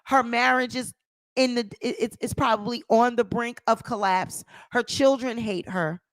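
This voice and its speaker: Woman host, high voice, emphatic celebrity gossip commentary. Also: fairly even intonation, moderate pace, no room sound. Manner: emphatic, repeats phrases for effect. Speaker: channel host.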